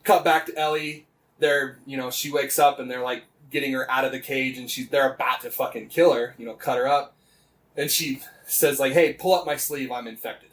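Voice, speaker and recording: A man's voice: medium pitch, steady tone, moderate pace, fairly bright tone. A man co-hosting a casual podcast, animatedly retelling events with lots of swearing and "like" fillers. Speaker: podcast co-host.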